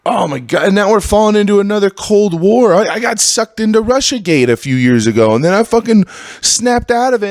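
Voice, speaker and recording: A man in his thirties hosting a solo podcast, ranting with constant swearing and jumping into high, exasperated outbursts. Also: lively intonation, normal speed, dry recording, clean studio sound. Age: 30s. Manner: profane, ranting, swings into high exasperated bursts. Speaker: podcast host.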